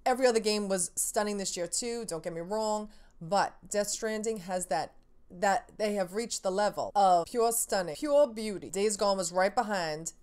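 A woman's voice: medium pitch, darkish tone, clear, resonant tone. A woman gaming YouTuber presenting her own casual game awards, gushing and theatrical, swearing and exclaiming.

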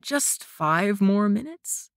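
A woman's voice: medium pitch, expressive, slow, gravelly, no echo, studio quality. A woman voicing a playful, injured young male warrior who mumbles lazily and hams up his pain. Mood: teasing. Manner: lazy, mumbling, mock-dramatic.

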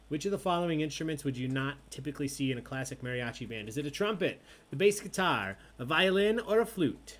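A man hosting an online trivia night, announcing questions and scores in a loud, playful way. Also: fairly high pitch, lively intonation, fast. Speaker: trivia host.

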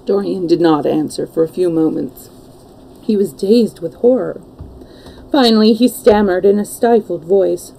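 A woman reading a classic novel aloud as a storyteller on a live stream, with calm, even narration. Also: on the low side, unhurried, vocal fry, a little hiss or hum, rough recording.

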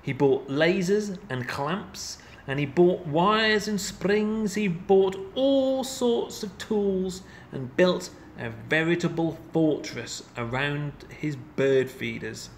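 A man reading a children's picture book aloud in an expressive, playful storytelling manner. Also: on the high side, a little hiss or hum. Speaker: storybook reader.

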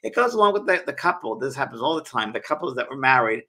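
Host, male, husky and bright-toned, slightly high voice, animated storyteller with sudden pitch jumps when quoting people. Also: fast talker. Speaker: psychic medium and show host. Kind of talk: casual live-show chat, storytelling.

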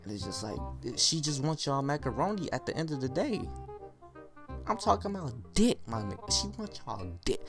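A man's voice: medium pitch, very animated, fairly quick, hardly any pauses, music in the background. A young man, a gaming YouTuber, telling a rambling, slangy comic story over gameplay.

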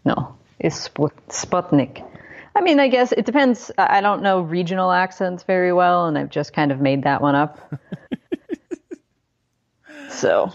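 A woman's voice: on the low side, animated, unhurried, gravelly, long pauses, highs cut off. A woman co-hosting a podcast, chatting casually and wryly about politics with sarcastic asides. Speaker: podcast co-host.

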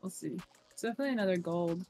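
A woman's voice: on the low side, expressive, very fast, darkish tone, soft background music. A woman streaming a game with friends, chatting loosely, swearing freely and reading out chat messages. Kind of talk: casual gaming stream chat.

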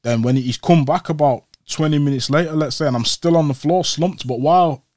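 A man's voice: fairly high pitch, a little fast, no echo, clean studio sound. A young man, an interview guest telling his story casually, acting out the voices of the people in it. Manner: animated, acts out quoted voices.

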